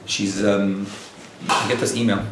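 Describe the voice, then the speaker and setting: A man who is a rabbi tells a story to a live audience in a lively way and acts out the dialogue. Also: lowish voice, a little slow, gravelly, heavy background noise. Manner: animated storyteller acting out quoted dialogue. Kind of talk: storytelling lecture. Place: lecture room with a live audience. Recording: echoey room, picked up from a distance.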